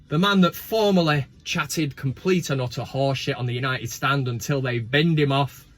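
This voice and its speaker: A man's voice: on the high side, fairly bright tone. A man hosting a football fan show, chatting casually with cheeky, swearing banter. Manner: cheeky, profane banter with asides. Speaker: fan channel host.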